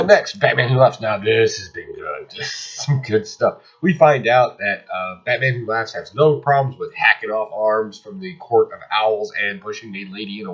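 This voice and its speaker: A man's voice: fairly low pitch, a bit bright, breathy edge. A man casually reviewing comic books, ranting sarcastically and exasperatedly about the ones he dislikes. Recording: slightly dull lo-fi audio.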